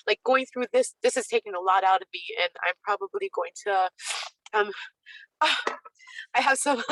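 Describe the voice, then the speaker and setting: A woman's voice: on the high side, a bit bright, dry recording, rough recording. A woman on a video call, speaking as a panelist in earnest, heartfelt testimony with emphatic repetition. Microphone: webcam on video call.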